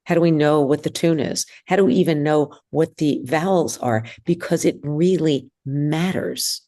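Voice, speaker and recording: A woman teaching a synagogue class, speaking hesitantly with many ums and pauses. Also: deep voice, dark tone. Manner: hesitant, many ums, sings trope examples. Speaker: bar mitzvah trope teacher. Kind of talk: classroom lesson.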